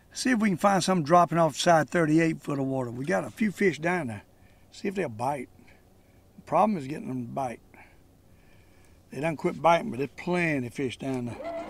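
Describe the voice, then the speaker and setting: Older man, gravelly fishing host on a boat, folksy excited commentary. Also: on the high side. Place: on a boat on a lake, outdoors.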